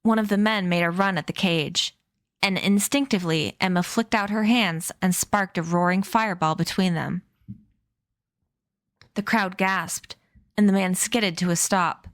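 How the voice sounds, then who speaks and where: A woman streamer narrating a novel aloud in a steady, even reading voice. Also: on the low side, unhurried, no echo, clean studio sound. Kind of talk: read-aloud storybook narration.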